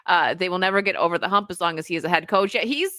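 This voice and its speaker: A woman's voice: lowish voice, rapid-fire, sharp tone, dry recording. A woman from the United States hosting a podcast, chatting casually and giggling, and reading out messages from viewers. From USA. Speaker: podcast host.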